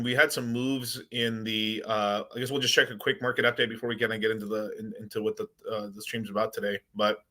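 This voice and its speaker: Man, crypto stream host, bright tone, casual, rambling, chatty. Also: mid-range voice. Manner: rambling, excitable, chats with viewers. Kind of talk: casual livestream commentary.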